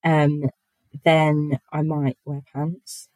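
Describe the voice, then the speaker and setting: Guest spot: low-pitched woman, chatty and giggly, dry close-mic sound. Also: little pitch movement, drawn-out words, a little mellow, dry recording, rough recording. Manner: giggly, chatty, many fillers. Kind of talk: casual podcast chat.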